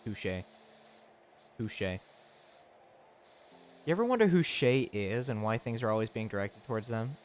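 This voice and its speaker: A man's voice: on the low side, expressive, unhurried, long pauses, a little hiss or hum. A man streaming a video game, chatting playfully with his chat and laughing often. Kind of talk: casual live-stream chat. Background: faint lo-fi music.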